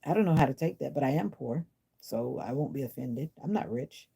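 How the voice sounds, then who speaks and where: Low, gravelly, husky woman live-streaming. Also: lively intonation, fairly quick, dark tone. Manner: chatty, answers comments, sassy and blunt. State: unwell. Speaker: livestream host. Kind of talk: casual livestream chat with viewers. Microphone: phone or device mic.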